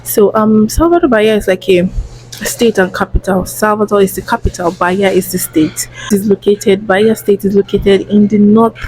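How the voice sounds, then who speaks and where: Soft-spoken Nigerian woman, mellow voice. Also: steady tone, normal speed, a little hiss or hum, rough recording. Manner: hushed, lowered voice; chatty, with frequent restarts and asides. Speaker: vlogger. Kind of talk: casual explainer vlog.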